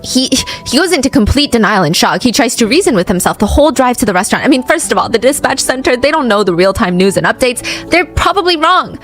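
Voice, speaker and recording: A woman's voice: a little high, very animated, quick pace, hardly any pauses, faint music behind, poor audio. A woman hosting a true crime show, retelling the case in a chatty, casual way and acting out quoted lines.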